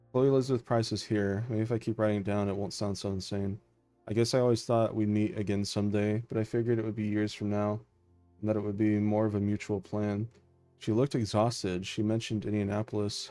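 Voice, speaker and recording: A male streamer reading video game messages and journal entries aloud in a deadpan, flat delivery. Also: fairly low pitch, no echo.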